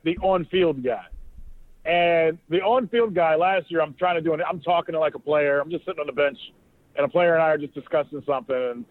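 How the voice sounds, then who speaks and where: A man co-hosting a podcast, telling a long story in casual chat, animated and swearing freely as he acts out what people said. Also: a little high, no room sound. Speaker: podcast co-host, sports reporter. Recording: dry, phone-like sound.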